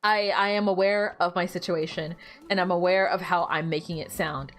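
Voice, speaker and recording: With a lowish voice, fairly even intonation, and normal speed, a young gaming streamer chats casually over soft background music. She pokes fun at the on-screen characters and laughs a lot during her gameplay stream.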